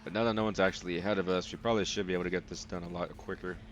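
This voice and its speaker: Low-voiced young man chatting over gameplay. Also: racing, dull audio, a little hiss or hum. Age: young adult. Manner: rambling, relaxed, many fillers. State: sleepy, yawning. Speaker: let's play host. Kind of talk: casual gameplay commentary.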